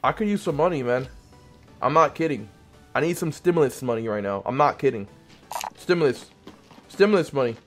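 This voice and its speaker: A man chatting playfully with teammates during an online shooter, teasing and swinging between loud excitement and low mumbling. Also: a little fast, pauses often, soft background music. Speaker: gamer streaming with random teammates. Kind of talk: casual game commentary to teammates.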